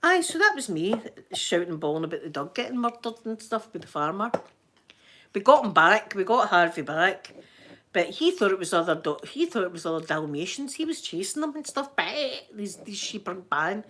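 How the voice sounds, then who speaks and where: A middle-aged Scottish woman chatting to her viewers, telling stories and acting out her own panicked screaming in sudden high bursts. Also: sing-song, moderate pace, a bit bright. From Scotland. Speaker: live-stream host. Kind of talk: casual storytelling chat to viewers.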